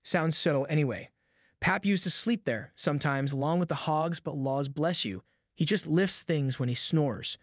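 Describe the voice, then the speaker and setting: Two scared backwoods boys trade hushed lines in a thick rural drawl, voiced by a man. The voices sit fairly high, and the recording is dry and close. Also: normal speed, dry recording, lightly acted. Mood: scared whisper. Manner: rustic dialect drawl, hushed and fearful. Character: two frightened backwoods boys whispering at night.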